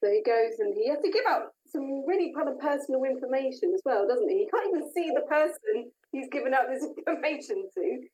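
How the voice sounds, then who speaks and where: A woman's voice: high-pitched, lively intonation, fairly quick, hardly any pauses, a little mellow, low-quality recording. A woman co-hosting a casual podcast from her home over a video call, chatty as she recaps an episode. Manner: chatty, recapping with laughs and fillers. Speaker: podcast co-host. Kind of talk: casual chat. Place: own home.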